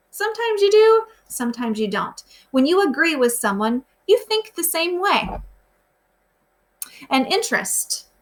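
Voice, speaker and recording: A woman, a grade-school teacher walking her pupils through the day's lesson, asking them simple questions as she goes. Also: sits high. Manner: patient, asks children simple questions. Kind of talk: recorded remote lesson walkthrough.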